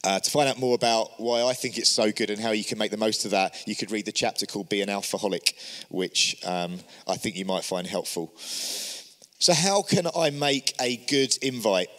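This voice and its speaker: A man's voice: fairly low pitch, normal speed, a bit bright, big-room sound. A man giving an encouraging church teaching talk, speaking earnestly and asking many rhetorical questions. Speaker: church leader.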